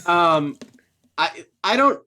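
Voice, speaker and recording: A woman playing a tabletop game, talking casually with soft, halting phrasing. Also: on the low side, animated. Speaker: player.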